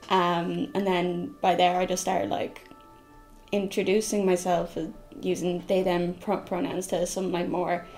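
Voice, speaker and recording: A woman's voice: on the low side, darkish tone. A young woman with an Irish accent, speaking casually in an interview and laughing easily. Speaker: documentary interviewee. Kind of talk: personal interview testimony.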